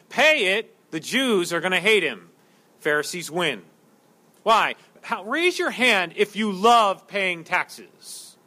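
A male pastor with a high, bright voice delivers an animated sermon. He jokes with the congregation and acts out the lines of the people he talks about, swinging his voice up and down. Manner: animated, jokey preaching with acted-out quotes.

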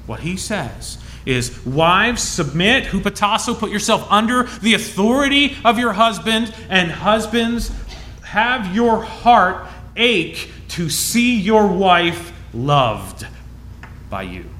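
A man preaching as pastor, reading scripture with emphasis and dropping to soft, low asides in a conversational way. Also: big pitch swings, takes it slowly. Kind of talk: sermon.

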